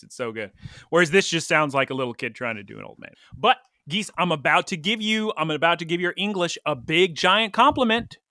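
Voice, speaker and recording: Excitable guy co-hosting a podcast, pitch jumping all over, bright sound, dry recording. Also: dry recording. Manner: playful, excitable, teasing. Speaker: podcast co-host. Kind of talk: casual chat.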